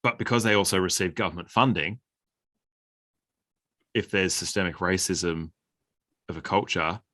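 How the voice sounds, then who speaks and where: Aussie guy with a real low voice, blunt and opinionated, dry close sound. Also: normal speed, bright, forceful tone, dry recording. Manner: blunt, opinionated, swears casually. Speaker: podcast guest. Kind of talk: casual chat.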